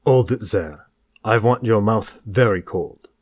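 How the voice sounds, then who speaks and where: Male reader doing a French seducer: French accent, slow and insistent, low and dry. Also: a little mellow, no echo. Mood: commanding. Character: languid, intense French man, a seductive stranger.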